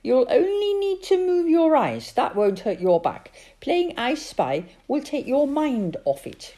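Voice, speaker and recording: A woman voicing an excitable, curious little girl in a storybook reading, with high squealing exclamations. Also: measured pace. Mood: earnest.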